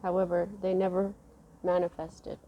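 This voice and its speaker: A woman giving a casual tarot reading, musing slowly with many fillers and restarts. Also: fairly low pitch, completely flat delivery, lo-fi sound, slight background noise. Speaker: tarot reader.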